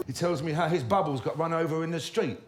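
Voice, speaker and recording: A man, telling comic stories about his own life in a wry, swearing, animated manner. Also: a little high, fast, loud music behind the voice. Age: 50s. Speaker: storyteller. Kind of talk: comic autobiographical storytelling.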